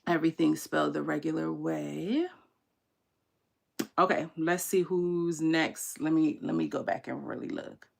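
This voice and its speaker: A woman's voice: deep voice, unhurried, gravelly. A young woman, hosting a casual tarot livestream and telling candid stories with slang to her viewers. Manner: candid, animated storytelling with slang and laughter. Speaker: tarot reader and channel host.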